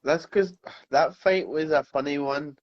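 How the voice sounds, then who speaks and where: A man co-hosting a casual talk podcast, easygoing and relaxed as he tells stories. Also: fairly high pitch, a little slow. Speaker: podcast co-host. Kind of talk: casual chat. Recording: slightly dull lo-fi sound.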